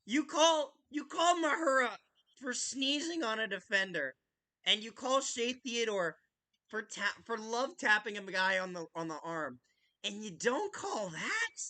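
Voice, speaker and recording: A woman podcast host giving excitable, casual live hockey commentary, who swears freely and shouts goal calls. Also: a little high, normal speed.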